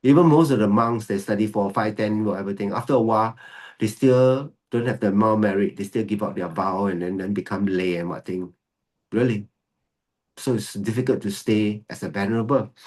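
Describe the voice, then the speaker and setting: Husky-voiced male monk teaching. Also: on the low side, brisk, a little mellow. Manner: mixes English with Mandarin phrases, laughs often; repeats key phrases for emphasis. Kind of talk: dharma teaching talk.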